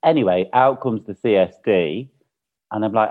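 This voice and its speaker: A man's voice: on the low side, moderate pace. British man telling a story over a phone-like line. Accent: British English. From Britain. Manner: chatty storyteller, laughs often. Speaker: guest. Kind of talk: casual chat, anecdote. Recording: phone-like narrow sound.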